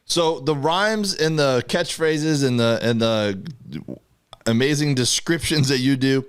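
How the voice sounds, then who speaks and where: A man with a smooth, clear voice hosts a casual podcast interview. He is easygoing, laughs along with his guest and asks playful questions. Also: medium pitch, a little slow. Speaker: podcast host.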